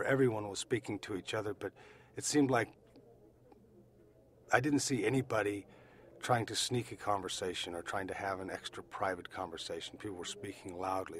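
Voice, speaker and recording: An American man recounting his own experience as an eyewitness, speaking deliberately and repeating phrases for emphasis. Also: fairly low pitch, fairly bright tone, a little hiss or hum. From United States. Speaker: eyewitness survivor. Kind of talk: personal testimony.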